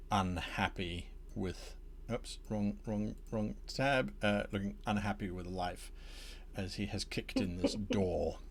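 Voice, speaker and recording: A man's voice: fairly low pitch, slight background noise. A man narrating as game master for a tabletop game, playful and chuckling as he tells the story.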